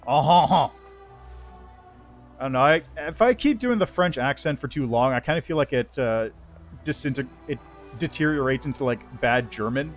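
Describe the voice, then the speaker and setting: A man's voice: mid-range voice, lively intonation, moderate pace, soft background music. A man streaming a game live, making joking, self-mocking asides between dialogue lines. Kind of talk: casual live-stream commentary.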